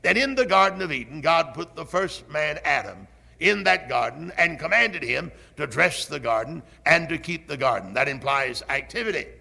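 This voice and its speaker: An older man preaches in a deliberate, emphatic sermon style. His voice is strongly gravelly with a bright, forceful edge. He swings between lifted, ringing phrases and low, quiet asides. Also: lively intonation. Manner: slow emphatic preaching with rising and falling delivery.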